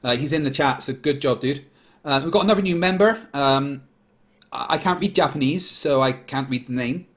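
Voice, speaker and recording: A man's voice: medium pitch, normal speed, a bit bright. A man hosting a casual livestream, reading super chats aloud in a blunt, dismissive way. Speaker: host.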